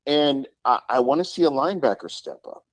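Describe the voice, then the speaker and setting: A man appearing as a guest on a sports talk show, earnest and halting, often restarting his sentences. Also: mid-range voice, sing-song, no room sound, low-quality recording.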